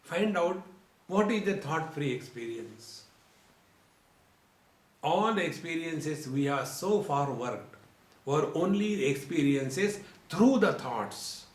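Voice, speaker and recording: A man giving a slow, deliberate spiritual discourse as a teacher, addressing his listeners as friends. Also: fairly high pitch, animated. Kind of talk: religious discourse. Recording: roomy lecture hall.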